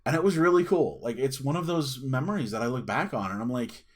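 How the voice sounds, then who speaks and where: A man's voice: medium pitch, animated, quick pace. Man, thirties, casual storyteller, lots of fillers and restarts. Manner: chatty, rambling, with many fillers and restarts. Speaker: channel host.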